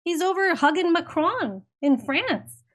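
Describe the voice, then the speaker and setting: A woman's voice: very high-pitched, big pitch swings, measured pace. A middle-aged woman from Canada talks politics in casual chat, rambling and emphatic, and she sounds indignant. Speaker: guest commentator.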